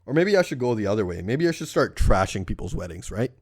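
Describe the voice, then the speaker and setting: The young Canadian host talks fast in a lowish voice with big pitch swings, cursing and laughing as he rambles through stories on his casual podcast.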